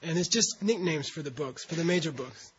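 A man lecturing a classroom, leading his students through a reading one syllable at a time and stopping to explain what the words mean. His voice sits a little high for a man. The recording is muffled and lo-fi. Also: brisk, fairly bright tone, breathy edge. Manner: patient, breaks words into syllables for students to repeat. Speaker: teacher. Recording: dull lo-fi recording.

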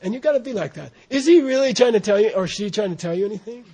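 An American man giving an informal Buddhist teaching, rambling and animated, often laughing and saying "you know". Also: high-pitched, fast talker, slightly rough. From United States. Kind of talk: informal dharma talk.

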